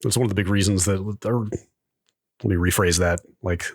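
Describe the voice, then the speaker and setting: Quick, hedging man co-host, lowish voice, casual tech chat. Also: steady tone, husky, no room sound, studio quality. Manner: rapid, hedging, lots of "like" and "you know". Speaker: podcast co-host.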